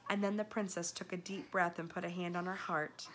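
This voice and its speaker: A woman's voice: on the low side, a little hiss or hum. Woman reading a storybook aloud. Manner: measured, expressive storytelling. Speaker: storybook reader. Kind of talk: read-aloud chapter book narration.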